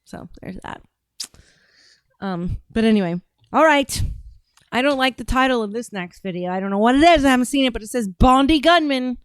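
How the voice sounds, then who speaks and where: A woman's voice: on the high side, lively intonation, moderate pace, clear, resonant tone, dry recording, clean studio sound. Blunt, profane woman streamer. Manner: blunt, profane, talks back to viewers. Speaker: livestream host. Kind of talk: casual livestream commentary.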